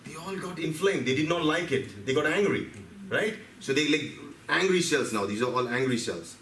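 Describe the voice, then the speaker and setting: A man's voice: on the high side, lively intonation, moderate pace, a bit bright, slight background noise. A man from India, giving a playful, story-driven health lecture and asking the audience questions. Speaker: health speaker. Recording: roomy hall, distant mic, faint background.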